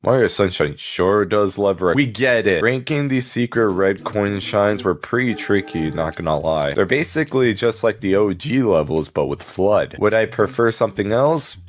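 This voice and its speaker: A man's voice: lowish voice, expressive. A young man giving scripted video-game commentary in a sarcastic, crude, joking rant. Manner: sarcastic, crude, fast joking rants with acted asides. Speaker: gaming commentator. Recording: faint background music.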